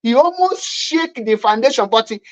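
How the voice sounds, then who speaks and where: A woman's voice: on the high side, expressive, normal speed. A woman with a Nigerian accent giving mocking online commentary, scornful and repetitive. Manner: scornful, repetitive, laughing at her opponents.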